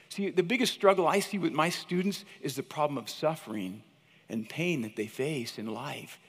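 A teacher in his fifties gives an animated, chatty chapel talk at a moderate pace, telling stories in a fairly high voice and calling out "you guys" to the room. A long reverb tail from the large hall trails his words in this storytelling sermon.

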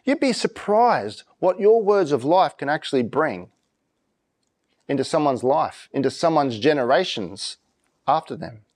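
A man's voice: a little high, very animated, a little mellow. Man preaching a conversational sermon. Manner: conversational preaching with slow, emphatic scripture reading. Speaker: pastor.

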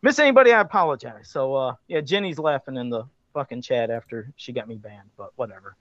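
A man's voice: medium pitch, lively intonation, quick pace, a bit bright, no echo. A man hosting a casual live chat show, who laughs often, swears freely and tells stories with a lot of animation. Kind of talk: casual crude banter. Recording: dull lo-fi sound.

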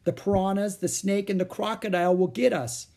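A man voicing an excitable, fearless young girl, with high, eager, loud lines in a read-aloud storybook. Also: brisk, creaky. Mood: excited.

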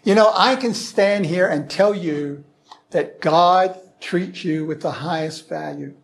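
A man's voice: sits high, takes it slowly, gravelly. A man giving an earnest, prayerful sermon-style teaching, asking rhetorical questions. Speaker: Christian teacher.

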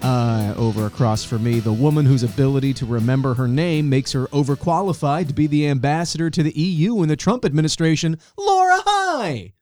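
A man co-hosting a comedic news podcast in a deep radio voiceover voice, cracking wry, deadpan jokes. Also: brisk, few pauses, dry recording, soft background music. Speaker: podcast co-host.

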